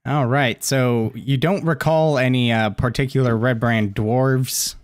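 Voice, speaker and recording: A man narrating as game master of a tabletop game, relaxed, with fillers. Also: medium pitch, a little slow, no echo, studio quality.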